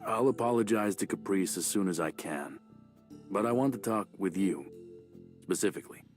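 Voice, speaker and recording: A man performs a guarded, taciturn man in a visual novel read-aloud. His voice sits very low and deep, laconic and slow, half his talk close to a grunt. Faint music plays beneath him. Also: animated. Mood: subdued. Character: gruff, terse adult man of few words.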